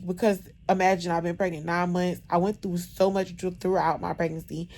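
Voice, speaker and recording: A woman in her thirties talks straight to her viewers in a loose, chatty way, full of "like" and "bro". Her voice sits a little low for a woman. She is still sore after surgery. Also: normal speed, gravelly, hardly any pauses. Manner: animated, chatty, lots of "like" and "bro". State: recovering after surgery, in discomfort. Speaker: vlogger. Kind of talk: casual storytelling to camera.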